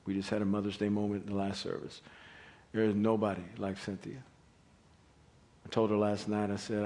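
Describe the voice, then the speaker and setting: A middle-aged man as pastor, preaching a sermon in a conversational, animated storytelling way. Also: lowish voice, fairly quick.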